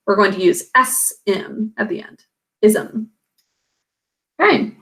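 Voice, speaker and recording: A woman's voice: medium pitch, animated, slow pace, fairly bright tone. A woman teacher giving a recorded spelling lesson, patiently sounding out words letter by letter and syllable by syllable.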